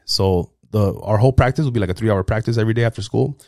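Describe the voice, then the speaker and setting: Rapid-fire brash young man with low voice. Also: vocal fry, mellow, no room sound, clean studio sound. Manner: brash, swaggering, profane street slang. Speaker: podcast guest. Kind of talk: casual podcast interview.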